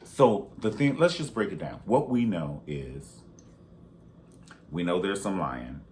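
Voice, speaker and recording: Animated, sassy man with a lively voice. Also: takes it slowly, a little hiss or hum. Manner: animated and sassy, with big pitch jumps and sudden whispers. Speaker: reality TV commentator. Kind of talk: casual commentary vlog.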